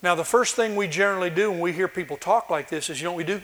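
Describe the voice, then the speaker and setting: A man who is a pastor, reading scripture aloud with slow drama and then teaching in plain words with small restarts. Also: high-pitched, a bit bright, a little hiss or hum.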